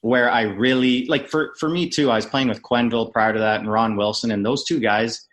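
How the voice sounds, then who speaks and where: A man in his thirties from Canada, a former hockey player chatting as a podcast guest. He tells loose, animated stories and swears casually. His voice sits at an ordinary middle pitch. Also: brisk. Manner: animated storyteller, mimics yelling coaches, swears freely.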